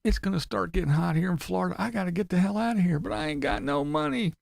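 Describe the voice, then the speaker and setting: A man's voice: high-pitched, fast, creaky, a little mellow, no echo, studio quality, voice pushed up. A man mocking someone by putting on the voice of a whiny, self-pitying older van dweller who complains and curses. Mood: complaining.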